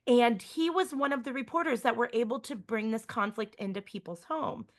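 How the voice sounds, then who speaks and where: A woman museum educator giving a lively online lesson to students, chatty and checking in with listeners often. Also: fairly high pitch, moderate pace.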